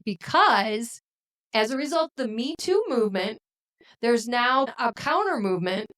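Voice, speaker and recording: A woman co-hosting a podcast, talking in casual discussion and making her points in a measured, deliberate way. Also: fairly high pitch, expressive, a bit bright, rough recording. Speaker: podcast co-host.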